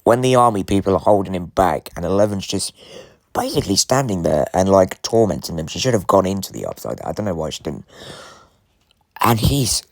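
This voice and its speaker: A man with a low voice talks straight to camera about a TV finale, gushing and rambling in quick bursts that often restart mid-thought. The recording is close and dry, with no room sound around him. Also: sing-song, vocal fry, dry recording. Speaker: TV show reviewer. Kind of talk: casual spoiler review to camera.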